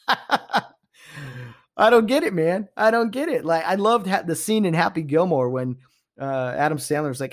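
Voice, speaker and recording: A man hosts his own podcast, ranting loosely about sports etiquette. He sounds incredulous and animated, jumping into mock voices and hushed whispers to act out what others say. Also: fairly high pitch, measured pace. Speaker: podcast host. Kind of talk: casual sports rant.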